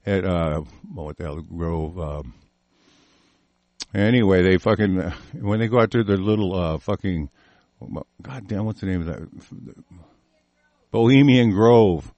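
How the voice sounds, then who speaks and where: Low-voiced man ranting, cursing heavily. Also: darkish tone, no room sound, lo-fi sound. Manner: angry, cursing, rambling; reads news aloud haltingly. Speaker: talk show host. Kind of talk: profane ranting commentary.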